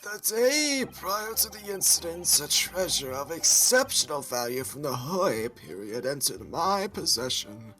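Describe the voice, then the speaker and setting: A woman's voice: sits low, big pitch swings, unhurried, few pauses, sharp tone, soft background music, exaggerated voice. A woman voicing a pompous old man witness who talks in stiff, grandiose wording.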